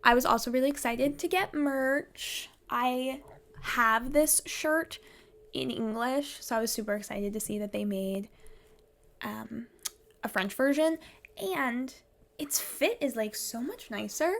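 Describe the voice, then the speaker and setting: A woman's voice: on the high side, measured pace, creaky, fairly bright tone. A woman vlogging about theatre in a chatty, rambling way, laughing often. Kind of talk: casual vlog chat.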